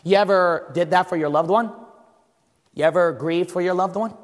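A man's voice: sits high, normal speed, in a large hall. A man preaching a fervent sermon as pastor, firing rhetorical questions at his congregation.

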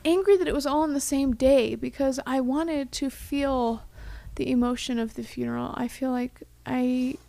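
Gravelly young woman, heartfelt chat. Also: high voice, steady tone, normal speed, hardly any pauses, mellow. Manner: heartfelt, reflective, drops to a whisper for quoted thoughts. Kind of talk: casual chat.

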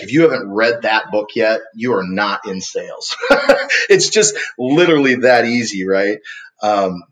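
A man, a podcast guest, telling a story with lively acted-out quotes. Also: fairly low pitch, poor audio. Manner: animated storyteller acting out quotes.

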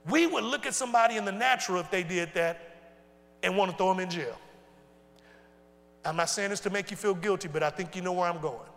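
A male pastor preaching a sermon in casual, folksy speech, asking the congregation questions and swinging from loud to hushed. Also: sits high, gravelly. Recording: long reverb in a large hall.

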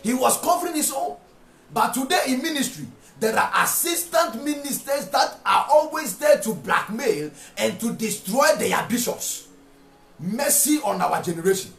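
A man preaching a sermon, repeating phrases and rising to shouted rhetorical questions. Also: extremely high pitch, lively intonation, normal speed, vocal fry. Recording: echoey room with faint music.

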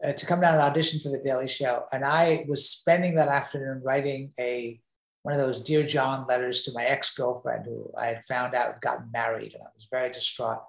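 A man being interviewed, telling an animated anecdote with frequent restarts and repeated words. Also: a little high. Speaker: interview guest. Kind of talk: conversational storytelling. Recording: roomy echo.

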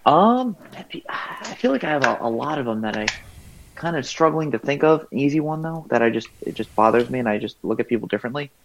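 A man's voice: mid-range voice, expressive, quick pace, vocal fry, slight background noise, poor audio. A man co-hosting a casual podcast, talking in a rambling, hesitant way with frequent laughs. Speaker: podcast co-host.

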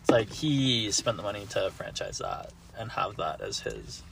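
A man's voice: on the low side, huge pitch swings, moderate pace, gravelly, fairly bright tone, slight background noise, low-quality recording. A man co-hosting a podcast, talking in laid-back casual chat and chiming in with jokes. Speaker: podcast co-host.

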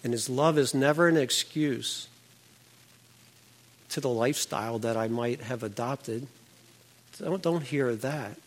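A man's voice: mid-range voice, measured pace, long pauses. An older man telling an earnest personal faith testimony, his voice climbing when he relives the moment.

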